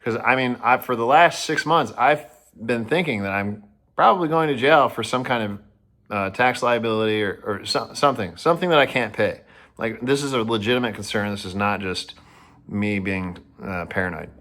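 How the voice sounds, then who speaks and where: A man telling a personal story to the camera, rambling, restarting often and sounding excited. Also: medium pitch, moderate pace.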